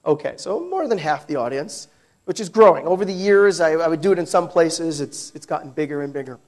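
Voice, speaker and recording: Male American speaker with a high voice, chatty and jokey on stage at a tech conference. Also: expressive, a little fast. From New York, United States. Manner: chatty, joking with the audience. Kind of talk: technical conference talk. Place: large conference hall.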